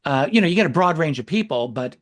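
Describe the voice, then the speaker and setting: A man's voice: on the high side, expressive. A man hosting an interview show, speaking earnestly and carefully, correcting himself as he goes. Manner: earnest, measured, self-correcting. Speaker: podcast host. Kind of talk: casual interview chat.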